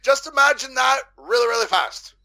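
A man's voice: very high-pitched, moderate pace, pushed and bright. A man with a Canadian accent, a podcast guest rambling through crude jokes in casual chat. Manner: rambling, crude joking, swearing.

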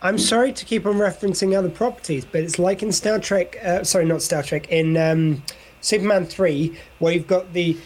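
A man's voice: high-pitched, fairly even intonation, moderate pace, a little mellow. A man co-hosting a podcast, chatting casually and often laughing as he riffs. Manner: giggly, rambling jokes. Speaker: podcast co-host. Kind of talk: casual chat reviewing a TV episode.

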